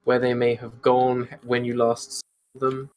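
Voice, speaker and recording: A man's voice: medium pitch, monotone, unhurried, darkish tone, close to an everyday voice. A man voicing a polite, earnest superheroine, speaking in his own voice. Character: polite superheroine questioning a neighbour.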